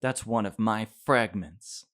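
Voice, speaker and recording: A man reading a visual novel aloud, voicing a gentle but bold young princess made of glass who speaks calmly, frankly and kindly. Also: lowish voice, slow pace. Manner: calm, frank and kind.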